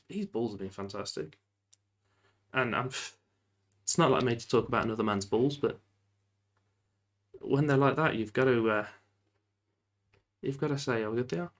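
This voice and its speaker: Guy yelling at the ref over his football sim, mid-pitched, chatty. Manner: animated, shouts at the referee, laughs. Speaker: gaming YouTuber. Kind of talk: live game commentary.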